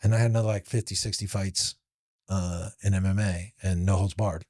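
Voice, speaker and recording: A man, a former professional fighter, who is a podcast guest and tells a story in casual conversation. He is animated and talks in restarts, full of "like"s. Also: sits low, brisk.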